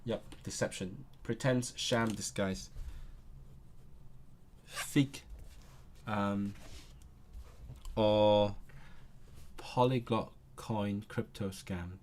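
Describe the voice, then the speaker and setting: A man streaming his language self-study, thinking aloud in a hesitant way with many pauses. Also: lowish voice, fairly even intonation, darkish tone, slight background noise.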